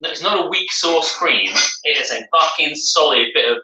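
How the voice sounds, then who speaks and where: A man trading loose, sweary banter as co-host of a live stream. His voice is bright and lively, a little low in pitch. He sounds off-mic in an echoey room. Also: moderate pace, far from the mic.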